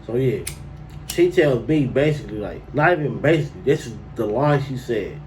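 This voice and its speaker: A man's voice: medium pitch, normal speed, distant mic, poor audio. Slangy man telling a storytime. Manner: animated, slangy, incredulous outbursts. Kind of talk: casual storytime monologue.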